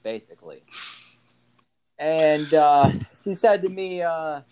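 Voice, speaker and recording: A man's voice: on the high side, expressive, slow pace, long pauses, warm tone, clean tone. A man co-hosting a podcast, rambling through a story in casual chat with lots of fillers and restarts. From Illinois. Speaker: podcast co-host.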